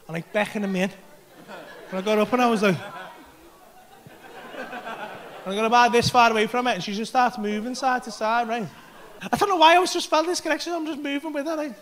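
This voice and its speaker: A male English stand-up comic with a very high-pitched voice tells a story on stage. He's animated and swears a lot, performing both sides of the conversation himself.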